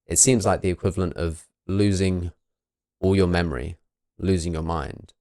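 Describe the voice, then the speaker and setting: Deep-voiced man talking reflectively. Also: fairly even intonation, normal speed, a little mellow, no room sound, studio quality. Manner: thoughtful, acts out quoted voices. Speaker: podcast host. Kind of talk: reflective conversational talk.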